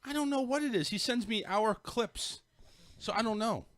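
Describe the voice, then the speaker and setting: A man's voice: high-pitched, normal speed. A man hosting a casual podcast chat, talking animatedly, joking and swearing with friends. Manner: animated, swearing, laughs often. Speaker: podcast host.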